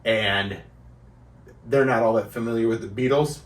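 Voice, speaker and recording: A man co-hosting a comedy podcast, joking and teasing his friends in casual chat. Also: medium pitch. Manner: joking, teasing, quick bursts of laughter. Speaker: podcast co-host. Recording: roomy sound, mic at a distance.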